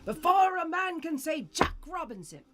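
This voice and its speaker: A woman's voice: very high voice, animated, moderate pace, a bit bright, soft background music, voice pushed up. A woman voicing a jovial old male merchant who calls out with hearty laughter.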